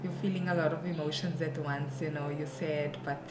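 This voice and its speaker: A woman's voice: sits low, fairly even intonation, brisk, over music. A woman chatting casually at home, talking her sister through things in a reassuring way. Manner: warm, reassuring. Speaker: vlogger's sister. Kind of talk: casual chat. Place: home, indoors. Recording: roomy, distant, noisy phone recording.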